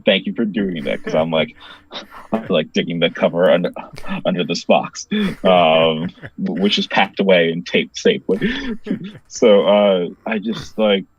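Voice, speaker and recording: Deep-voiced man, rambling casual story. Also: steady tone, a little slow, dull audio. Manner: rambling, heavy use of "like" fillers, laughs often. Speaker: comic book creator, guest.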